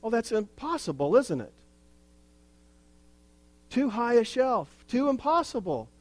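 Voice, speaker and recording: A pastor delivering a sermon in a slow, earnest way, with wry asides. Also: male voice, extremely high pitch, big pitch swings, dry recording.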